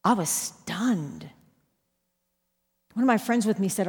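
A woman with a husky, slightly breathy voice preaches, shifting between quiet, measured points and bursts of emphasis. Her voice carries a long reverb, as if filling a large hall. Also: mid-range voice, expressive. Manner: emphatic storytelling with sudden loud rises. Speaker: Bible teacher. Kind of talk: sermon with personal story.

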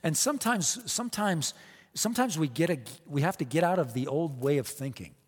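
A man preaching with an emphatic, repetitive cadence, piling up rhetorical questions. His voice sits a touch high for a man. It rings with the long reverb of a big church sanctuary. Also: expressive, a little fast, slightly rough. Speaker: pastor. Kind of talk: sermon.

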